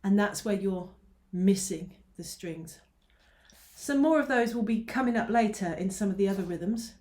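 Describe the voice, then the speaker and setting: A woman's voice: mid-range voice, normal speed, darkish tone. Patient woman teaching ukulele. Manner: patient, counts beats aloud while strumming. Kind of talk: online music lesson. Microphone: mic close by, teacher moves nearer. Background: ukulele strumming.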